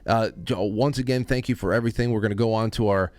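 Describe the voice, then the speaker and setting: Male host, casual rambler, smooth lowish voice, dry close sound. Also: steady tone, a little mellow, no echo. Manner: rambling, halting, with many restarts. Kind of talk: casual chat.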